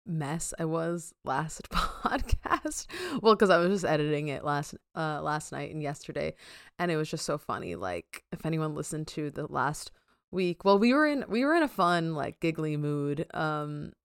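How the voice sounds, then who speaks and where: A woman's voice: low voice, lively intonation, moderate pace, clean tone, no room sound, clean studio sound. A young woman co-hosting a podcast in casual chat, giggly and chatty with lots of fillers. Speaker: podcast co-host.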